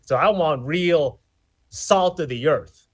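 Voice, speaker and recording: Brief: brash cussing country guy with a twang, as a man puts him on, slow punchy emphasis. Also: fairly high pitch. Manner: brash, swearing, drawn-out emphasis. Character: crude rough-talking country man dater. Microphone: video call.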